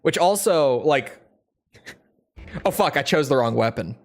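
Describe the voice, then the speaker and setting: A gaming streamer chats casually with his viewers while playing a flight game, rambling and swearing freely over game music and jet engine sounds. His voice is fairly high and animated, and he speaks slowly.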